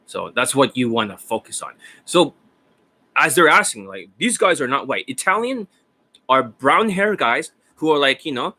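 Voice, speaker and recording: A man's voice: medium pitch, sing-song, moderate pace, sharp tone. A man who is a dating coach, talking in a rambling, profane, casual way and laughing often. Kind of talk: casual rambling livestream talk.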